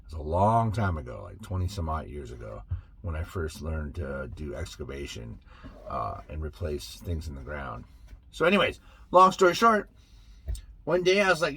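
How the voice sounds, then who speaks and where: A man's voice: a bass voice, normal speed, husky. A middle-aged man giving a casual motivational talk to camera, telling stories with acted-out quotes. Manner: animated storytelling with acted-out quotes. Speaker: motivational vlogger.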